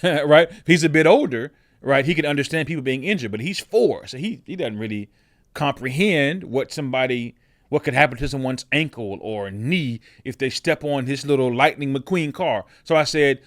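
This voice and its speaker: Slightly high-pitched yet heavy, this man's voice is a bit bright and moves with lively intonation at normal speed. He hosts a podcast, musing through a reflective personal monologue in a chatty way, restarting and repeating words often and asking "right?" along the way. The sound is studio quality with no room tone.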